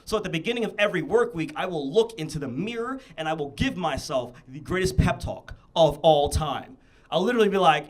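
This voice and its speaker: A man in his thirties from the Midwest performing a stand-up comedy set, animated, bursting into shouted impressions and laughing at his own jokes. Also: on the high side, fairly quick. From American Midwest. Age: 30s. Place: comedy theatre stage.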